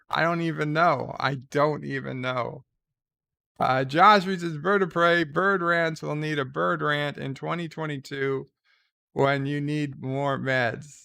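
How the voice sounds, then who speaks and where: A gravelly-voiced man with a fairly high voice hosts a casual livestream. He talks at an unhurried, slow pace, reading viewer comments aloud and wandering off into wry, rambling asides. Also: bright, forceful tone. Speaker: livestream host.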